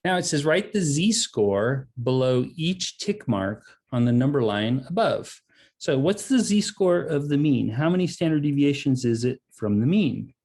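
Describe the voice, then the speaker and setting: A male math instructor gives a lecture over a video call. His voice is mellow and warm, and his pitch sits at an ordinary middle level. He talks casually and works through each idea step by step. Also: sing-song, a little slow, husky. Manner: casual, explains step by step with frequent "okay" and "um". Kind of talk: online lecture.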